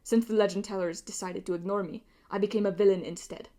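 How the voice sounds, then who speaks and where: A woman's voice: medium pitch, moderate pace, dark tone, natural voice. Chrysaor, a sneering pirate villain, as a woman puts him on. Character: arrogant bitter male pirate villain, Medusa's son.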